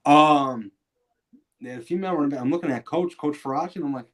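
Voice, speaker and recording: A man's voice: fairly high pitch, fast talker. Laid-back man telling stories over a game. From New York State. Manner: relaxed storyteller, often repeating words as he starts a sentence. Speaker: co-host. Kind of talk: casual sports watch-along chat.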